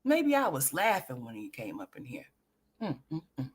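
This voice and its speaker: A woman's voice: very deep voice, huge pitch swings, normal speed, slightly rough. A woman hosting a gossip commentary livestream, profane and trash-talking, laughing often and talking straight to her viewers. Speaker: livestream host.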